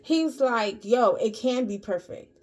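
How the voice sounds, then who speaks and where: Emphatic high-voiced woman vlogger. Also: lively intonation, slow, a little mellow. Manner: emphatic, preachy, repeats phrases. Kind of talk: casual motivational talk to camera.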